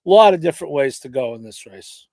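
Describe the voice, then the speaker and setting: A man in casual podcast chat, weighing his race picks with hesitant pauses and restarts. His voice sits a little high for a man and is recorded dry and close. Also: lively intonation, a little mellow, no echo. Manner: hesitant, lots of fillers and restarts. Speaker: podcast co-host handicapping horse races.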